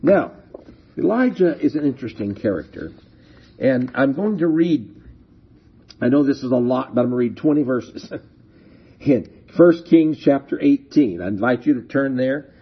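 A man's voice: mid-range voice, expressive, moderate pace, husky, highs cut off. A man preaching a sermon and reading scripture aloud, with big swings in emphasis.

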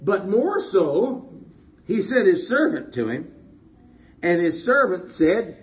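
Slow, husky-voiced man preaching. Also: high-pitched, sing-song, lo-fi sound. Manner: slow, storytelling with rhetorical questions. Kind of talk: sermon.

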